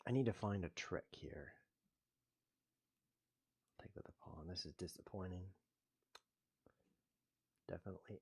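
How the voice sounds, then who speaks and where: A man hosting his own show, commentating his chess games with playful mock-outrage, muttering one moment and loudly protesting the next. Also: deep voice, measured pace, creaky, long pauses, slightly rough. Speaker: host. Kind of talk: live chess game commentary.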